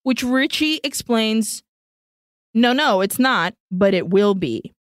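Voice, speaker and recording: A woman co-hosting a podcast, casually retelling a film's plot scene by scene with swearing and quick asides. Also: fairly high pitch, expressive, no echo, clean studio sound. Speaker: podcast co-host. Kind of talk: casual movie recap chat.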